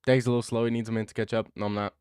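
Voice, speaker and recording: A man's voice: medium pitch, flat delivery, very fast, a little mellow, clean tone, no echo. Young man riffing on a clean, dry mic. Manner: joking, laughs often, swears casually. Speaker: streamer. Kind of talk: casual reaction stream.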